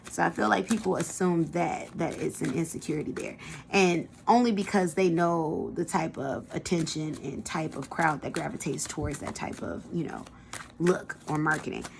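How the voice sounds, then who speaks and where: Gravelly-voiced casual woman tarot reader. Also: low-pitched, moderate pace, slight background noise. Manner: chatty, colloquial, addresses viewers directly. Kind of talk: casual pick-a-card tarot reading.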